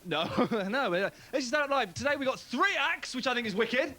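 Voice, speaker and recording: A man's voice: extremely high pitch, lively intonation, fairly quick, crowd noise. A man hosting a live stand-up comedy show, joking and mock-grumbling between introductions, on a hissy 1990s TV broadcast. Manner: rowdy, jokey, mock-grumbling. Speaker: host.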